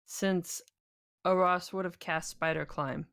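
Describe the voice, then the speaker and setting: A woman player in a tabletop game, speaking slowly and thoughtfully in casual talk. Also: lowish voice, steady tone, a bit bright.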